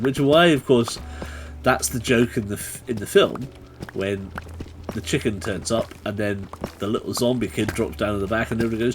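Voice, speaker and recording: A man chatting through a live game stream, bursting into excited taunting yells now and then. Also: lowish voice, measured pace, pauses often, a little hiss or hum. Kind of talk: live gaming stream commentary.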